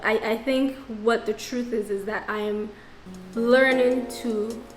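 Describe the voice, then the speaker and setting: A woman's voice: a little high, steady tone, takes it slowly. Frank reflective woman vlogging in an echoey room. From Nigerian diaspora. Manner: thoughtful, frank, self-questioning with many restarts. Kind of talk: reflective casual vlog monologue. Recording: echoey room with faint music.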